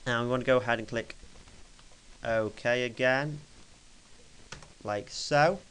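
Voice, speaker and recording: A young man talking through a casual screen-recorded software tutorial at his computer desk, chatty and rambling, correcting himself as he clicks along. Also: mid-range voice, slow pace, a little hiss or hum, rough recording. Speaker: tutorial maker.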